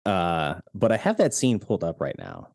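A man hosts a casual movie podcast, talking in a low, warm, mellow voice that sits close and dry on the mic. He is lively and laughs easily, and slips into acted voices when quoting scenes. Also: moderate pace, gravelly, dry recording. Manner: animated, laughs often, acts out quotes. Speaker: podcast host. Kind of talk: casual film discussion.

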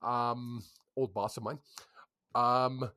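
A man's voice: mid-range voice, flat delivery, slow pace, sharp tone. A man co-hosting a casual hockey podcast, swearing and laughing through the banter. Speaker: podcast co-host.

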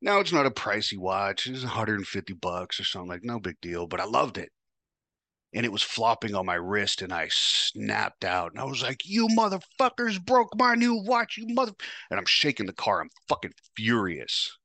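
A man's voice: lowish voice, normal speed, gravelly, sharp tone, no echo. A man hosting a podcast, telling a first-person story in a casual, profane, wry way. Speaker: podcast host.

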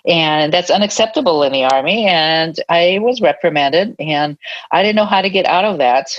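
An older woman, a retired army nurse, telling her life story in an interview in an earnest, reflective way with soft laughs now and then. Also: lowish voice, lively intonation, moderate pace. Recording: dull lo-fi sound.

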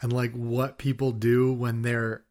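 A man chatting casually on a podcast, spinning loose, filler-packed stories about work. He swears freely and keeps restarting his sentences. When he quotes angry coworkers, he imitates their shouting. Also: mid-range voice, flat delivery, unhurried. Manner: rambling storyteller, swears freely, filler-heavy; acts out other people's shouting in his stories. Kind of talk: casual chat.

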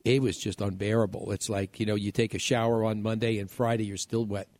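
A man's voice: on the low side, level tone, fairly quick, a little mellow, no echo. Man from new york hosting a radio show, rambling and laughing, dry studio sound. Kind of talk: casual chat.

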